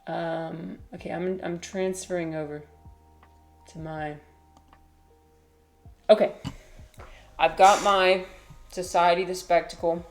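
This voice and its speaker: A woman chatting on a livestream in a low, unhurried voice. She rambles and restarts herself often, with lots of fillers, and coos softly to her cat in between. Faint music plays behind her. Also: steady tone. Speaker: livestreamer and teacher. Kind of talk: casual livestream chat.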